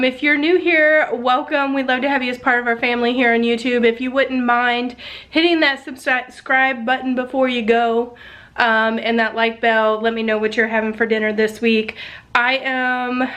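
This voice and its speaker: A woman's voice: a little high, steady tone, normal speed, a bit bright. A woman with a congested voice, chatting casually to camera at home about her groceries, with lots of ums. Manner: chatty, many ums, self-deprecating. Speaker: family vlogger.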